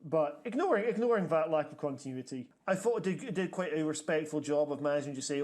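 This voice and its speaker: A man's voice: a little high, animated, fast, few pauses, darkish tone. A man from the UK casually discussing a film, laughing often and stumbling over his words. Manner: laughs often, stammers and restarts. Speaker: film review podcast co-host.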